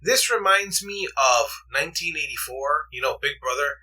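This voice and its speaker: A man co-hosting a casual movie podcast, with an animated, swinging delivery and a very bright, sharp voice. He swears freely and laughs often. He sounds somewhat distant from the microphone. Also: on the high side, moderate pace. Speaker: podcast co-host. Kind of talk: casual chat.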